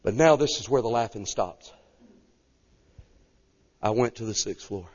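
Preacher guy telling a story in a sermon, lively, does the voices, kinda muffled. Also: fairly low pitch, unhurried, slightly rough. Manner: animated, acts out voices. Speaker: evangelist.

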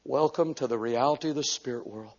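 A man preaching a sermon as an evangelist, telling a story animatedly and breaking into sudden shouts. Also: mid-range voice, a little fast. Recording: echoey hall, dull lo-fi sound.

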